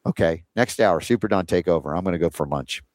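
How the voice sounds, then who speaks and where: A man's voice: low-pitched, quick pace, a little mellow, dry recording, clean studio sound. A man hosting a talk show, chatting casually and rambling with many fillers and restarts. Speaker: radio show host.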